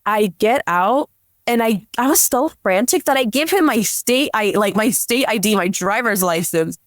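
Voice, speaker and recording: A young woman talking into a podcast mic in a dead, dry space, her voice sitting at an ordinary middle pitch. She tells her story in loose, casual chat. She fills nearly every phrase with "like". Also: expressive, moderate pace, dry recording. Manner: chatty, leans on "like" constantly. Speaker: police dispatcher guest. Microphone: podcast microphone.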